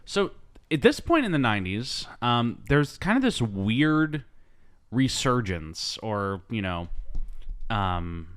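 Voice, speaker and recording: A man's voice: medium pitch, big pitch swings, slow, a bit bright, clear, resonant tone. A man hosting a podcast in casual chat, rambling and hesitant with many ums. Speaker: podcast host.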